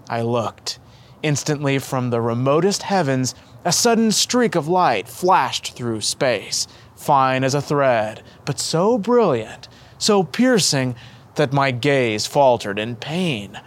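A man hosting and narrating a story with an expressive, measured reading. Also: medium pitch. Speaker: host and narrator.

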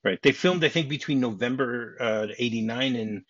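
A middle-aged man hosts a casual film podcast, husky and a bit breathy at a middle pitch. He rambles and restarts. The audio is dull and dry, like a home setup. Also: normal speed, no room sound. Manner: rambling, many restarts, chuckling asides. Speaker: podcast host. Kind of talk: casual film-discussion chat.

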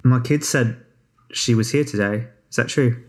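A man's voice: medium pitch, normal speed, close to an everyday voice. A man voicing a suspicious, protective middle-aged mother with a slight Australian accent, speaking bluntly and warily. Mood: wary. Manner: blunt, wary, questioning.

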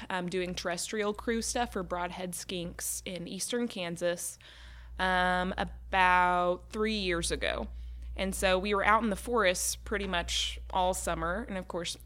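A woman's voice: lowish voice, a bit bright. A young woman in casual chat, telling a story with frequent fillers and laughs. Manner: chatty storyteller, laughs often, says "like" and "um" a lot.

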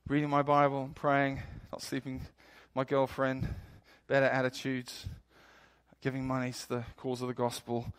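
Animated male preacher. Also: mid-range voice, moderate pace, clear, resonant tone. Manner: storytelling, animated, builds to emphatic points. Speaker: pastor. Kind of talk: sermon.

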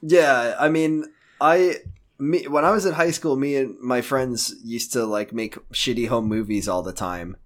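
A man's voice: medium pitch, unhurried. A man co-hosting a podcast, chatting in a joking, meandering way with many fillers. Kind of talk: casual chat.

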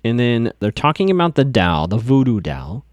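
A man's voice: medium pitch, sing-song, normal speed, no room sound, studio quality. Chatty young man recapping a show. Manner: chatty, amused, many fillers. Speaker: podcast host recapping a TV episode. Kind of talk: casual recap.

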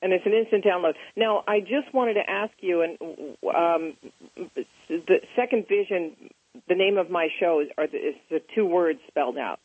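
A woman hosting a talk show, reading a scripted introduction and then chatting warmly with her guests. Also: lowish voice, moderate pace, slightly rough, no room sound. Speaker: radio show host. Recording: phone-line audio.

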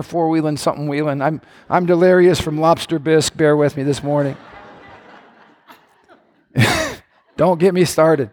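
A male pastor with a notably high voice, preaching with fervor that swells into shouts and then eases into joking asides. His words ring with the long reverb of a large hall. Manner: impassioned, rising to shouts, playful asides. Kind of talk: sermon.

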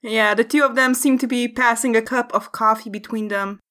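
A woman's voice: on the high side, steady tone, normal speed, fairly bright tone. A woman running a tabletop game as game master, casual and laughing.

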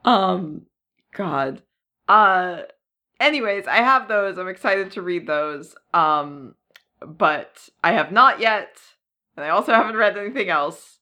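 A woman co-hosting a podcast in casual chat, laughing often and filling pauses with ums. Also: mid-range voice, expressive, pushed and bright. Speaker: podcast co-host.

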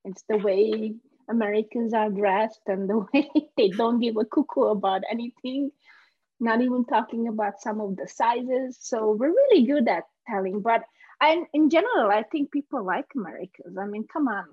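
A woman's voice: a little high, moderate pace, slightly rough, highs cut off. A woman from Romania with a Romanian accent, a guest in a casual podcast conversation, chatty and laughing easily.

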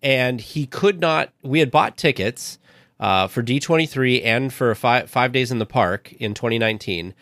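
A man's voice: medium pitch, normal speed, a bit bright, dry recording, clean studio sound. A man hosting a podcast, telling a personal story in an earnest, heartfelt casual way.

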